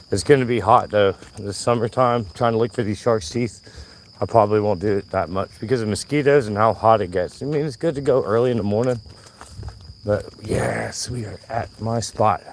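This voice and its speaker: A man chatting to his viewers on a live vlog while walking a trail, his voice hoarse from yelling. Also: fairly low pitch, normal speed, a little hiss or hum. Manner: chatty, talks to himself and viewers. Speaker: vlogger. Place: outdoor nature trail.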